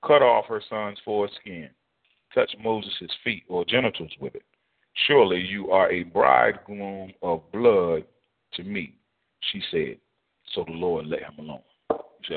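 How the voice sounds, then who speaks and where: A man's voice: fairly low pitch, normal speed, vocal fry. Preaching man over a tinny phone line. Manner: animated preaching, voicing God and Moses in quotes. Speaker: pastor. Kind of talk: sermon.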